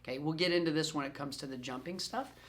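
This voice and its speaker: A man who trains dogs, answering questions in a recorded group session in an animated, playful way and repeating phrases for emphasis. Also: fairly high pitch, quick pace. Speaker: dog trainer. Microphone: self-recorded camera.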